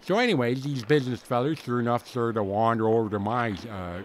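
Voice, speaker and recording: A man's voice: mid-range voice, a little fast, slight background noise, lightly acted. A man playing a folksy, rambling storyteller, filling his comic tall tale with slang and fillers. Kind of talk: comic character monologue.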